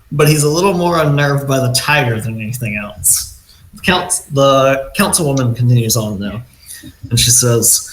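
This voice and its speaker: A man's voice: a little high, a bit bright. Man narrating a game in an echoey room. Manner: rambling, halting narration with restarts. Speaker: game master. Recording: echoey room, faint noise.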